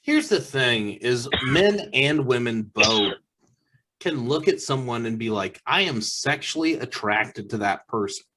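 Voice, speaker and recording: A man's voice: medium pitch, lively intonation, unhurried, sharp tone. A man co-hosting a comedy podcast, arguing his point emphatically in casual chat. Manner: emphatic, argumentative. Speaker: podcast co-host.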